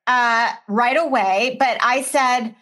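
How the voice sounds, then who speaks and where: A woman's voice: a little high, slow, fairly bright tone. A woman telling stories in a casual chat, often laughing as she talks.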